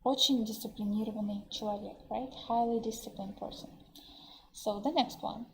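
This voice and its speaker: Russian-accented lady teacher, higher voice, faint hiss behind her on a webinar mic. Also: steady tone, rough recording. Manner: slow, explaining vocabulary and switching into Russian translations. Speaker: English teacher. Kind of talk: online webinar lesson. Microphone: computer mic on a webinar.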